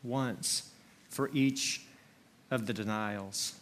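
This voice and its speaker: A man preaching a sermon, slow and earnest, leaning on single words for emphasis. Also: on the low side, fairly bright tone, a little hiss or hum. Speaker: pastor.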